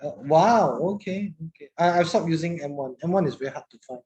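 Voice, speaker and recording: A woman's voice: low voice, fairly quick, dark tone, dull audio. Lady teaching a class, chatty, repeats herself, asks lots of questions. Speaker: English teacher.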